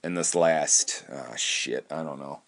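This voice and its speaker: A man's voice: very deep voice, takes it slowly, creaky, fairly bright tone. A man from Wisconsin hosting a podcast, talking in a rambling, profane casual monologue with frequent restarts.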